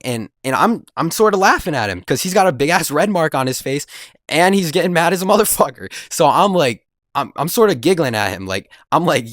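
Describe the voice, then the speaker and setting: A man's voice: a little high, expressive, brisk, fairly bright tone, dry recording, studio quality. A young man telling a story-time vlog in a rambling, slangy and profane way. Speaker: vlogger.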